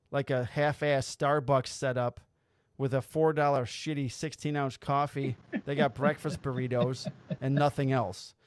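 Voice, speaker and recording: A fairly high-pitched man hosts a podcast, chatting casually and telling stories with plenty of animation. He acts out quotes and swears freely, and the dry recording has studio quality.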